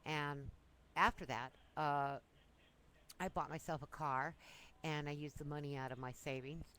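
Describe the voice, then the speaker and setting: A woman's voice: sits low, fairly even intonation, unhurried, fairly bright tone, rough recording. A woman casually telling breezy, self-amused stories from her younger years. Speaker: storyteller. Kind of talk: casual personal storytelling.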